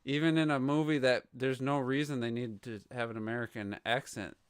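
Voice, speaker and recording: A man's voice: medium pitch, steady tone, fairly quick, a crowd in the background. A man co-hosting a gaming podcast, chatting casually in an easygoing, rambling way. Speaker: podcast co-host. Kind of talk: casual chat.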